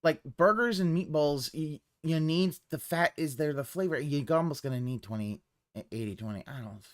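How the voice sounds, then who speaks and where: A man's voice: on the high side, moderate pace. A man streaming live and commenting casually, rambling and swearing as he reacts to a clip. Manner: rambling, profane, animated.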